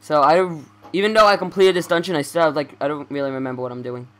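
A man's voice: fairly high pitch, fairly even intonation, quick pace, a bit bright, faint music behind. Young man rambling through game commentary. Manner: rambling, stammering, self-correcting. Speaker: let's play commentator. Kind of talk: casual gameplay commentary.

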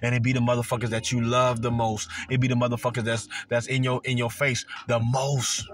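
A man's voice: mid-range voice, level tone, a little fast, few pauses, a little hiss or hum. A man, giving a profane motivational sermon, emphatic and repetitive with heavy swearing. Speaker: motivational speaker.

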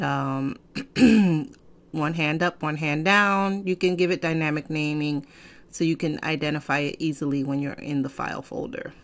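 A woman hosting a casual software tutorial, chatty and digressive, often clearing her throat. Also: low-pitched. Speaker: fashion software tutorial host. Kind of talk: casual screen-recorded tutorial. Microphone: desk microphone.

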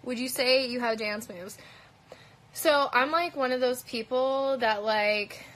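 A woman with a light Canadian accent answers viewer questions on a phone livestream. Her voice sits a little high and sounds bright and forward. She talks casually and bluntly, swears freely, and fills her sentences with "um" and "like.". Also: rough recording. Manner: chatty, blunt and profane, many fillers. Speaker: livestream host answering comments. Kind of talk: casual live Q&A chat. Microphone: phone held at arm's length.

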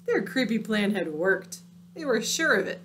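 A woman reading a picture book aloud, dramatic and dropping into hushed, spooky tones. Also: medium pitch, sing-song, moderate pace, a little hiss or hum. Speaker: storyteller.

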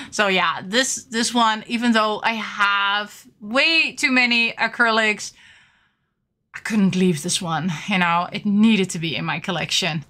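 A young woman casually showing off her collectible merchandise, gushing and excitable with frequent giggles. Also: mid-range voice. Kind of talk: casual unboxing chat.

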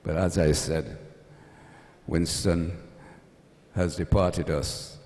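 A male priest reading the gospel and preaching at a funeral service in a church, with a measured, solemn delivery and touches of dry humor. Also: low voice, fairly even intonation, darkish tone. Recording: long church reverb.

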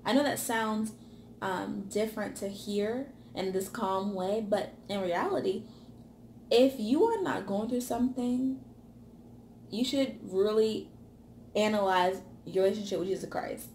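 A woman giving a motivational sermon, stacking repeated phrases for emphasis and dropping to a hush on key words. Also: mid-range voice, unhurried, echoey room, a little hiss or hum. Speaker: ministry speaker.

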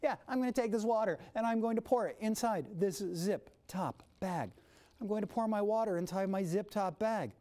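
A man hosting a kids' science demonstration in a TV studio, energetic and showy, with big swings in pitch and loudness. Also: moderate pace. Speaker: science presenter for kids.

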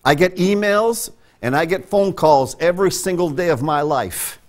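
A man preaching a sermon from a church pulpit, emphatic and conversational. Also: moderate pace. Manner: emphatic, conversational preaching with sudden pitch jumps. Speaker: pastor. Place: church sanctuary.

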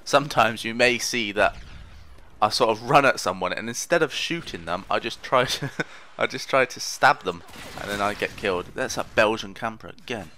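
A man with a low voice rambles through casual gameplay commentary, joking at his own expense and taunting the players he meets. His tone is bright and forceful, with a faint hiss of noise underneath. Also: normal speed. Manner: rambling, self-mocking, trash-talks opponents. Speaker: gaming commentator.

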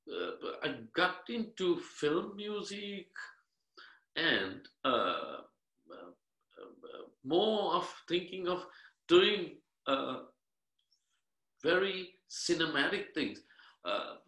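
A man from Sri Lanka speaks in a bright, forward voice. He chats casually and rambles, full of uhs and restarts. His voice rings in an echoey room. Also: on the high side. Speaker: guest musician. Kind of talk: casual interview chat.

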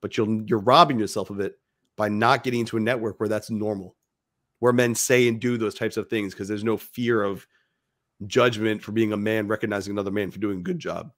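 A man's voice: fairly low pitch, steady tone, a little fast, fairly bright tone. Blunt, swearing man giving a pep talk. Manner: blunt and profane, preaching emphatically. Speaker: podcast co-host. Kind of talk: motivational podcast talk.

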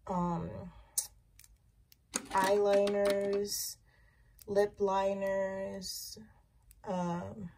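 A woman's voice: mid-range voice, little pitch movement, drawn-out words, long pauses, dark tone, slight background noise. A young woman casually touring her makeup collection, rambling with lots of fillers. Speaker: beauty vlogger.

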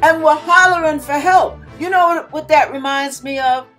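A woman's voice: high voice, moderate pace, fairly bright tone, soft background music. A woman pastor preaching a sermon in an emphatic manner, acting out panicked cries now and then.

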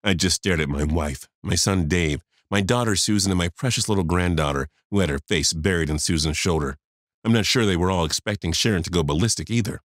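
A man's voice: deep voice, a little fast, a bit bright, no echo, clean studio sound. A man in his fifties narrating a first-person story, confiding and talking straight to the listener.

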